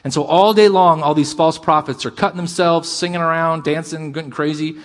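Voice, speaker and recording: A middle-aged man preaching a sermon as pastor, animated and shifting between loud emphasis and quiet asides. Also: fairly high pitch, brisk.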